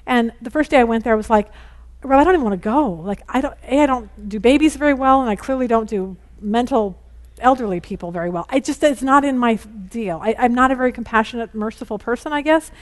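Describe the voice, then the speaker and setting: A middle-aged woman teaching a women's Bible study in an informal, candid way, hurrying to finish and acting out family conversations as she goes. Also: a little high. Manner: chatty and candid, rushing against the clock; acts out family conversations in lively quoted voices.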